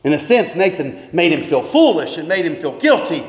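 A man's voice: on the high side, very animated, normal speed, few pauses. A man preaching as pastor, reading scripture and pressing his listeners with earnest rhetorical questions. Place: church sanctuary. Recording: long reverb of a church hall.

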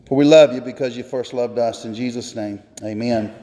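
A man's voice: mid-range voice, normal speed, mellow, slight background noise. A man preaching a sermon in a church, telling a folksy story and acting out its dialogue. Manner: storytelling, acts out dialogue in raised voices. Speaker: pastor. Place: church sanctuary. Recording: long hall reverb.

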